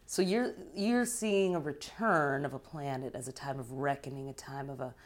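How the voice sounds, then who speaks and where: Low-voiced woman explaining calmly. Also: moderate pace. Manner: explanatory, affirming with frequent mm-hmms. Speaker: astrologer. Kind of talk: casual conversation.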